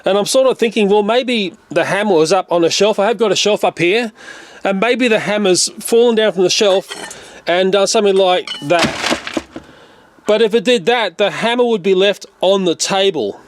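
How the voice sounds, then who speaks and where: Aussie guy doing a toy vlog, kinda high voice, chatty and exasperated. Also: moderate pace. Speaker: toy collector vlogger. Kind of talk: casual vlog chat.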